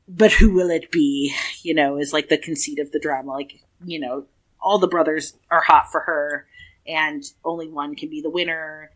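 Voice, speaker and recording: A woman's voice: low-pitched, fairly bright tone. A woman co-hosting a podcast in casual chat, rambling and swearing freely with plenty of fillers. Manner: chatty, profane, rambling with fillers. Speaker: podcast co-host.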